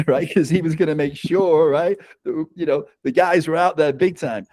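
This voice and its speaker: A man's voice: on the high side, normal speed, a little mellow, dry recording. A man guest telling a personal story in casual conversation, often tagging sentences with "right?" and laughing between lines. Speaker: author guest.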